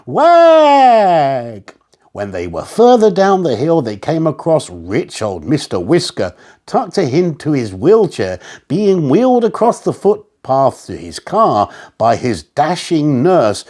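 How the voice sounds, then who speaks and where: Animated male storyteller. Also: fairly high pitch, unhurried. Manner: animated, expressive reading. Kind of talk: children's story narration.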